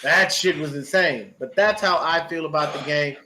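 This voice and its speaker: A man's voice: fairly high pitch, normal speed, pushed and bright, slight background noise. A man on a podcast ranting about a football game, profane and emphatic, repeating his points. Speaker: podcast guest. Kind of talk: fired-up sports podcast rant.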